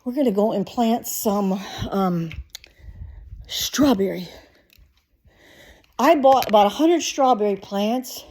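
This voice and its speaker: A woman's voice: mid-range voice, animated, takes it slowly, pauses often, darkish tone, roomy sound, distant mic. A woman talking casually at home while working out and then doing a kitchen project, rambling with many ums and a bit out of breath. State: out of breath after exercise. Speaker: lifestyle vlogger.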